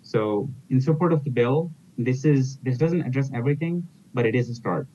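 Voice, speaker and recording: A man testifying at a public council hearing, hesitant, with frequent fillers and restarts. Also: mellow. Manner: halting, many fillers and restarts. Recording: muffled, lo-fi hearing audio with faint rumble.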